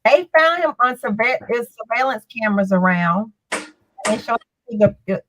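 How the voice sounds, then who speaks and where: A woman on a call-in show, telling stories in an animated way and acting out what people said. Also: fairly high pitch, measured pace, no echo. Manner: animated storyteller, acts out quotes. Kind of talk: casual call-in show talk. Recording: muffled remote line with faint noise.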